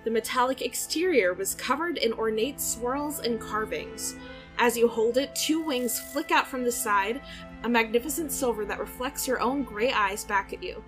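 A woman narrating a tabletop game as game master with unhurried, descriptive narration. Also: a little high, over music.

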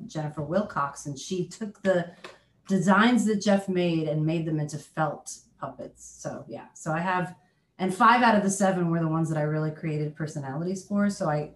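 A woman's voice: deep voice, a little hiss or hum. Woman chatting in an echoey room. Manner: chatty, laughs often, lots of ums and restarts. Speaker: children's musician, guest. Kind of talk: casual interview chat. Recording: roomy echo.

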